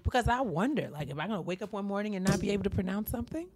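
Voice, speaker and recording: A young woman co-hosting a podcast in casual chat, animated and laughing as she acts out her relatives. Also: medium pitch, very fast, breathy edge, no echo. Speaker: podcast co-host.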